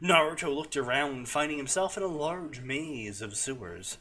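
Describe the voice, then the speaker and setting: A man's voice: on the high side, animated, normal speed, sharp tone, a little hiss or hum. A young man hosting a show who reads fanfiction aloud with sarcastic, joking commentary. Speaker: host reading fanfiction. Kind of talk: comedic reading and commentary.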